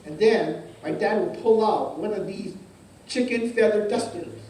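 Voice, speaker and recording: A high-pitched, somewhat slow pastor tells a personal story in his sermon, with a little hiss or hum on a distant, echoey church hall recording with faint ambience. He stammers, repeats himself, often checks "okay?", and acts out scenes vividly.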